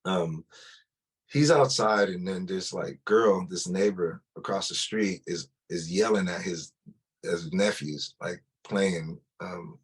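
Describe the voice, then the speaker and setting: Low husky-voiced man telling his story. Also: slow. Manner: loose and conversational, full of "like" and restarts. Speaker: testimony speaker. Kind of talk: personal testimony storytelling.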